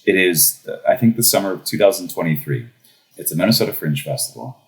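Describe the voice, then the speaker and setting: A young man in his thirties telling a comic personal story in a casual podcast conversation, animated and laughing as he goes. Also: low-pitched, fast, low-quality recording. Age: young adult. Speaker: podcast guest.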